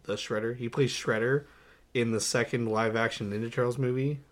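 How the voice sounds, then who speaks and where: A young man co-hosting a casual movie podcast, going through his notes with lots of "uh"s, laughing often and getting animated. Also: mid-range voice, brisk. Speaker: podcast co-host. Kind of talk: casual movie-review chat.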